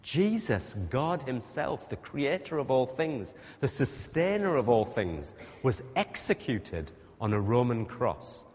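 Male preacher, lively sermon delivery, big echo of a hall. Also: medium pitch, takes it slowly, hardly any pauses. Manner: emphatic, animated, rhetorical questions to the congregation. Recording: long reverb of a large hall.

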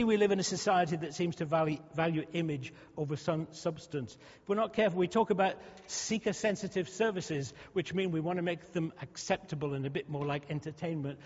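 A male pastor delivers a conversational sermon, frequently restarting and repeating words, in a husky voice on the high side. The sound is muffled, with long hall reverb.

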